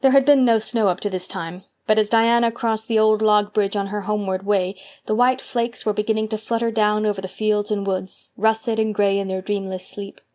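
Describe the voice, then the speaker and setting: A woman narrates a classic novel as an audiobook in a steady, mid-range voice. Her reading is measured and expressive, with a calm storytelling pace. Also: medium pitch.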